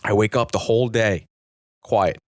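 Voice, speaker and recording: A man's voice: fairly low pitch, moderate pace, no room sound. Crude rambling man telling a story. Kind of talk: casual chat, storytelling.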